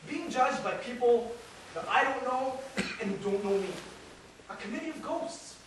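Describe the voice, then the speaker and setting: An actor playing a restless, witty out-of-work New York man in a stage monologue, rambling and animated, mimicking passers-by. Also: extremely high pitch, moderate pace. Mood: pleading. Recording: echoey room from far off, noisy.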